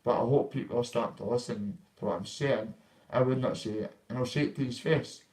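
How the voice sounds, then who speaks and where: A man's voice: mid-range voice, fairly quick, darkish tone, rough recording. Blunt swearing man. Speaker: vlogger. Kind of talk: casual ranting vlog.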